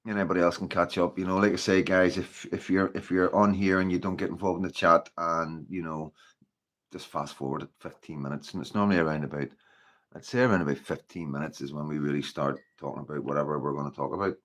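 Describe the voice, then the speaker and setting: A man with a Northern Irish accent hosts a casual livestream and talks to his viewers in a rambling, easygoing way. His voice sits a little low, and he leans on fillers like "you know" and "like". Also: steady tone, quick pace, fairly bright tone. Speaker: livestream host.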